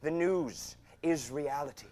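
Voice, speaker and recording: An actor playing a slick, smarmy lawyer in a stage drama, smooth and lecturing. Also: male voice, fairly high pitch, unhurried, warm tone, natural voice. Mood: persuasive.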